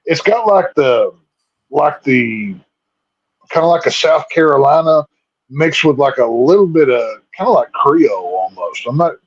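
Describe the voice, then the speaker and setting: A man's voice: on the high side, big pitch swings, unhurried, husky, muffled recording. A man with a Southern US accent co-hosting a casual movie review chat, enthusiastic and full of fillers. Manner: enthusiastic, filler-heavy, defends opinions. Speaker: podcast co-host.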